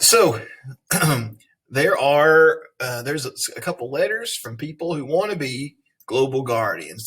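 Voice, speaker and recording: A man's voice: medium pitch, a bit bright, husky. A male teacher giving an online reading lesson, patiently talking students through a spelling list word by word.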